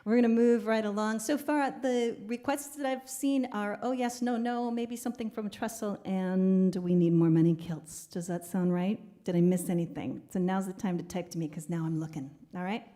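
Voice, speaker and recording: Hosting a live-streamed concert, a woman with a warm, mid-range voice and fairly even intonation reads viewer comments aloud between songs. Her chatter is casual and quick when she goes off on tangents, and she laughs easily.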